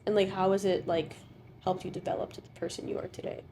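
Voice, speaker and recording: Fast-talking woman podcast host. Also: mid-range voice, steady tone, gravelly, warm tone, slight background noise. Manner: encouraging, lots of fillers and affirmations. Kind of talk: casual chat.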